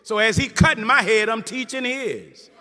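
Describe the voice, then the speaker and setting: A man's voice: very high-pitched, moderate pace, sharp tone. A middle-aged male minister delivering a sermon, preaching with passion and calling out to his congregation. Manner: impassioned preaching with call-and-response asides. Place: large hall before a congregation. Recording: reverberant hall with faint crowd.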